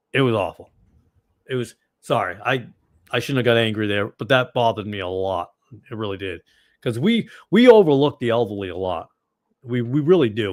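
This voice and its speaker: A man with a Boston accent hosting a ministry livestream, chatting casually and answering viewers in a rambling, digressive way with sudden loud bursts. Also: fairly low pitch, dry recording, clean studio sound. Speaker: ministry host.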